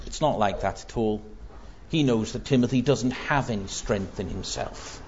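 A man's voice: on the low side, normal speed, a little mellow, a little hiss or hum. A man preaching a sermon, earnest and emphatic, pressing his points with rising intensity as he quotes scripture. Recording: dull lo-fi sound.

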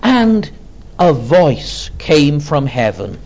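Male preacher, sermon, unhurried and deliberate, lively rises and falls, muffled lo-fi recording. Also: a little high. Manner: slow and deliberate, with rhetorical questions. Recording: dull lo-fi recording.

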